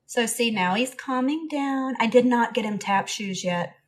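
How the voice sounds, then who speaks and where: A woman's voice: fairly high pitch, a little slow, hardly any pauses. Chatty woman. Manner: coos baby talk to her bird between chatty answers to comments. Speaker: parrot owner live streamer. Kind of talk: casual live stream chat.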